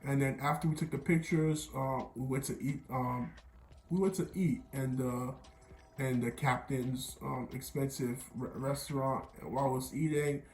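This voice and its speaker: A man's voice: medium pitch, fairly even intonation, moderate pace, darkish tone, reverberant. A young man from Miami telling a rambling storytime vlog, often repeating himself and quoting others. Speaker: vlogger.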